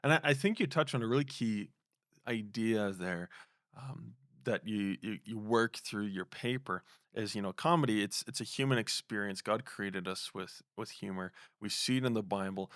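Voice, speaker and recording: Podcast host guy, lowish voice, dry close sound, asks long rambly questions. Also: normal speed, a bit bright, no room sound. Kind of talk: casual podcast interview.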